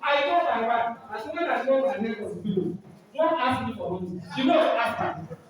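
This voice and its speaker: A man's voice: very high-pitched, lively intonation, moderate pace. A middle-aged Nigerian man preaching at a church program, exhorting and asking the same questions again and again. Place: large hall, church program. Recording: echoey hall, mic far off.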